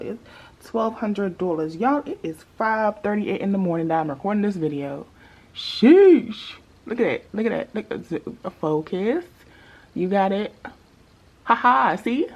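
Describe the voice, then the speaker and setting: A woman's voice: medium pitch, a little mellow, poor audio. A woman budgeting vlogger chatting casually to her viewers in a sassy, playful way with joking asides.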